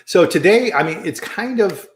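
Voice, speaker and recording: A man's voice: high-pitched, expressive, normal speed, roomy sound. Chatty man hosting a live stream. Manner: chatty, friendly, restarts often. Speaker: host. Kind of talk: casual live-stream chat.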